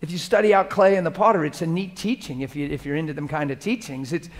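A man with a notably high voice delivers a sermon as a preacher. He talks in a casual, emphatic way, repeats phrases for effect, and moves between loud exhortation and quiet, prayerful speech. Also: steady tone, fast talker.

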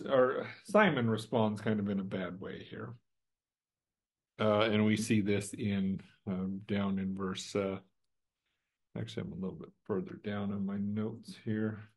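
A man's voice: fairly low pitch, husky. A man teaching through a Bible passage verse by verse, conversational and emphatic, posing rhetorical questions to his listeners.

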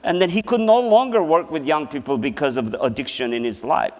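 A man's voice: a little high, brisk. A man giving a sermon as a seminar presenter, telling a personal story and laughing often as he talks. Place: church hall. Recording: long hall reverb.

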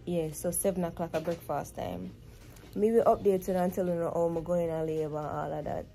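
A woman's voice: on the low side, steady tone, a little fast, creaky, dark tone, soft background music. A woman with a Jamaican accent chatting casually to camera as a vlogger, telling a story and slipping into patois. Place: hospital maternity room, in bed.

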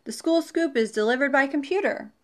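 A woman's voice: high voice, brisk, pitched above the performer's own voice, close to an everyday voice. A woman reading a storybook voices a polite, earnest young paperboy.

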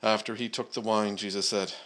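A man with a somewhat low voice leads a church service. He prays and then reads a long scripture passage aloud at a measured pace. His delivery is dotted with "uh" and "um" fillers. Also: level tone, a bit bright. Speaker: preacher. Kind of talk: prayer and scripture reading.

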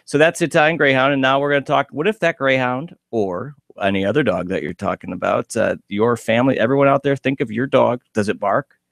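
A man's voice: medium pitch, brisk, gravelly, few pauses, a bit bright, no echo, clean studio sound. A man hosting a radio talk show, chatty and jokey, asking his guest questions. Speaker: radio host. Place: radio studio.

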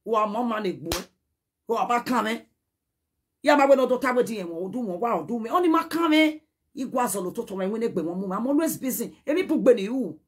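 Agitated Nigerian woman, husky voice. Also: a little high, animated, a little fast. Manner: agitated, pleading and scolding, switching between Pidgin and a local language. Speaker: social media personality. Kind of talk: heated direct-to-camera message.

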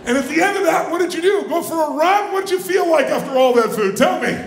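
A man giving a live motivational seminar, booming and exhorting, pushing the audience to shout answers. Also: expressive, fast, creaky. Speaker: motivational speaker. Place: large conference room with audience. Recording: echoey live room with faint noise.

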